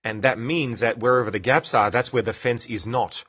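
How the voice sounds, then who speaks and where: Enthusiastic explanations and chats with live commenters fill this casual science podcast, hosted by an Australian man. His voice is medium-pitched and a bit bright, at a normal speed.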